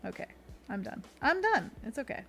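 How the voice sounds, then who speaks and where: A young woman streaming as an art host, chatting casually with viewers while she paints, giggly and quick to slip into playful bits. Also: medium pitch, expressive.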